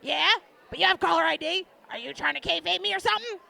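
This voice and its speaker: A woman imitating a brash, crude, teasing woman friend on the phone, loud and foul-mouthed. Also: very high voice, fast, vocal fry, pitched above the performer's own voice, exaggerated voice. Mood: scolding.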